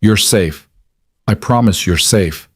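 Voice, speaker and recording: A man voicing a protective single-dad janitor who speaks quietly, flat and cold. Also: fairly low pitch, slow, husky, dry recording, studio quality. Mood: gentle.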